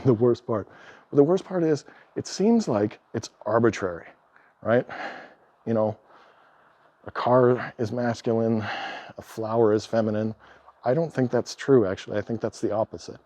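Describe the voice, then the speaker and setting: A man in a casual vlog monologue, talking in an animated, exasperated way, acting out quoted exchanges and laughing often. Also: medium pitch, dry recording, dull audio. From Canada. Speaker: travel vlogger.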